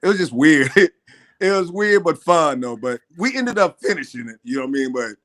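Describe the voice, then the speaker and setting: A man's voice: a little high, fairly quick. Laid-back man saying "man" a lot. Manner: laid-back, says "man" constantly, animated retelling. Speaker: music producer, guest. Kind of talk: casual storytelling interview.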